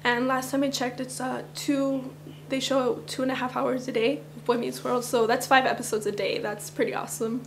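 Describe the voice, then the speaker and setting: A woman's voice: sits high, little pitch movement, normal speed, a little hiss or hum. A woman vlogger chatting casually through a fan countdown, rambling a little, her morning voice slightly cracking.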